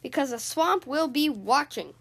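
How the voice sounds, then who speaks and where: Woman reading as a mean storybook coach lady, slow and clipped, barking orders. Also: high-pitched, lively intonation, gravelly, a bit bright, full character voice. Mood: stern. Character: stern tough substitute coach woman.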